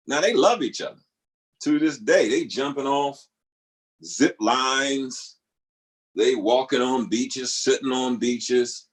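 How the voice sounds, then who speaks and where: A middle-aged man telling a family story in a casual monologue, lively, now and then jumping into high squealing voices for people he quotes. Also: rough recording. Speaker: vlogger.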